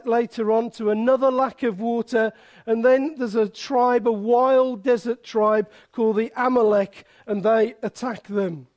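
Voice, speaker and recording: A man's voice: extremely high pitch, a little mellow. A man preaching a sermon in a conversational way, often restarting phrases and acting out little asides.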